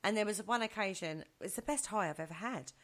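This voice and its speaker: A woman chatting in a radio studio, telling stories in a lively way and acting out what people said. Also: medium pitch, a little fast. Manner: chatty storyteller who acts out quotes, often laughing. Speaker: studio guest. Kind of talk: casual radio chat. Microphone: studio microphone.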